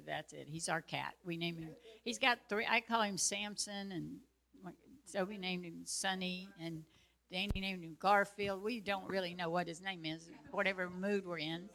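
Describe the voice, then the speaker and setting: A woman telling a story casually to a group, animated and chatty, laughing easily. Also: lowish voice, moderate pace, gravelly.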